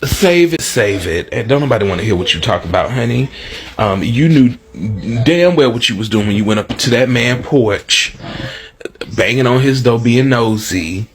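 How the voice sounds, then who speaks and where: A man's voice: medium pitch, animated, moderate pace. A man giving a casual reaction rant online in a sassy, scolding tone. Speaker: social media commentator.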